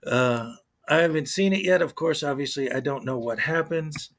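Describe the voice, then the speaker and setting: A man hosting a casual livestream, talking in a loose, rambling way. He is chatty and full of ums and restarts, and his voice sits at an ordinary middle pitch. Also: measured pace, a bit bright. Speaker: livestream host.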